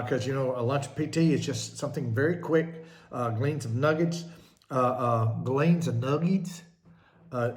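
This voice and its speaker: Man, middle-aged, minister, casual monologue, jokey, sidetracked, filler-heavy, average pitch. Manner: chatty, jokey, easily sidetracked, many fillers. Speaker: minister hosting a show.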